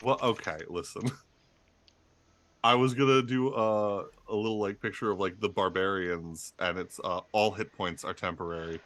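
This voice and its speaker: A low-pitched man chatting casually before a tabletop game session. He sounds excitable and laughs often as he pitches ideas. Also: normal speed. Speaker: cast member. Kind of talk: casual chat.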